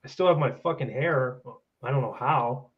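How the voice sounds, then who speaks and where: A man's voice: mid-range voice, moderate pace, muffled recording. A man trading laid-back, profane jokes and stories in casual chat. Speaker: podcast guest.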